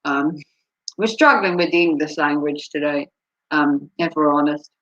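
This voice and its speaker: A woman chatting casually on a live stream, rambling and filling pauses with frequent ums. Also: deep voice, a bit bright, dull audio. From United States.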